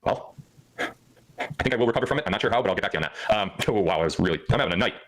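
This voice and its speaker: A man's voice: lowish voice, expressive, racing, fairly bright tone, poor audio. A man hosting a livestream, talking in a hyper, joking way and laughing often. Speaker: livestream host. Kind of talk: rambling livestream chat.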